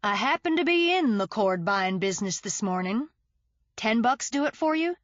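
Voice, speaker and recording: A woman's voice: a little high, animated, normal speed, fairly bright tone, dry recording, highs cut off. A woman doing a laid-back young Texan street kid. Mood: easygoing. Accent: Texas. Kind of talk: audiobook character voice.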